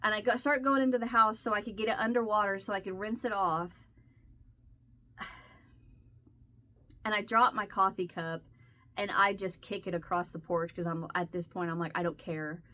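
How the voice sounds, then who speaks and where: Bright-voiced woman chatting casually. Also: medium pitch, moderate pace, pauses often. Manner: rambling and animated, with restarts and laughs. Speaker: crochet vlogger. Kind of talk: casual storytelling chat.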